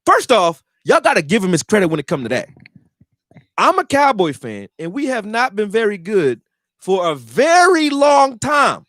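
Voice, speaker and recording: This man's voice is high and his speed normal as he gives a casual, swearing-heavy football rant, animated and full of acted-out quotes. He's a fan commentator who makes football videos, recorded at studio quality with no room sound.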